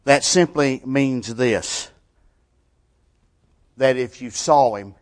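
A man preaching a sermon, his delivery swinging from loud emphatic passages to hushed, almost whispered lines, in plain colloquial grammar. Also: medium pitch, very slow, long pauses.

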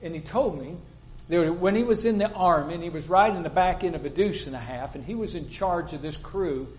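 A man's voice: fairly high pitch, a little fast, a little mellow, slight background noise, poor audio. An older man preaching a sermon in a plain-spoken, storytelling way, acting out the people he quotes.

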